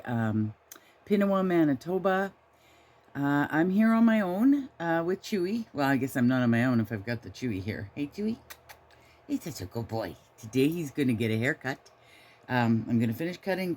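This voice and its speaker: A woman's voice: sits low, darkish tone. An older woman hosting a knitting vlog, chatting casually and rambling, sometimes talking fondly to her dog, recorded on a handheld camera inside a small trailer. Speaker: knitting podcast host.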